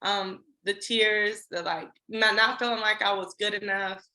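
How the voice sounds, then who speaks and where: A woman guest on a podcast, telling her story in casual, animated chat and acting out her past lines. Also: medium pitch, unhurried, reverberant.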